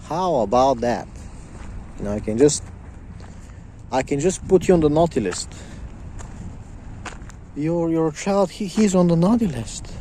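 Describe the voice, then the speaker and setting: A man's voice: on the high side, lively intonation, unhurried, long pauses, dark tone, a little hiss or hum. A man ranting as a podcast host, heated and profane, often stammering and repeating his words. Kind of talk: ranting monologue.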